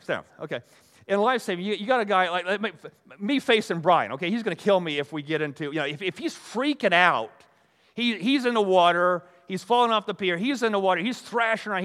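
Older guy preaching in a hall, kinda high voice, lots of "you know"s and restarts, long echo. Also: fairly bright tone. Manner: rambling, folksy, full of restarts and "you know". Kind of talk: conversational sermon to a live audience. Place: hall with an audience.

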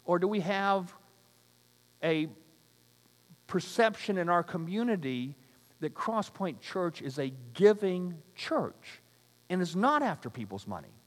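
A man's voice: sits high, big pitch swings, a little slow, pauses often. A man pastor preaching a sermon, firing off rhetorical questions and joking asides. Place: church sanctuary. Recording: long hall reverb.

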